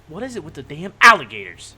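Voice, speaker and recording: A man's voice: a little high, wildly swooping pitch, quick pace, background noise. A man giving casual, joking gaming commentary, rambling and yelping when startled. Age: adult. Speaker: gaming YouTuber.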